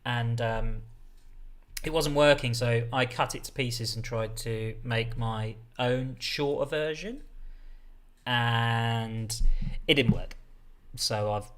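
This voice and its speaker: A man's voice: medium pitch, slow, fairly bright tone. A man hosting a casual livestream, talking in a rambling, chatty way that keeps breaking off and restarting. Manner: rambling, chatty, self-interrupting. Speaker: livestream host. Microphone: desk setup with a mixer.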